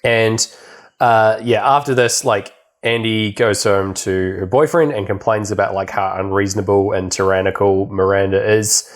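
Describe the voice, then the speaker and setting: This young man co-hosts a podcast, casually recapping a film in a rambling way, packed with fillers and frequent laughter. His voice sits lowish, with fairly even intonation and a moderate pace.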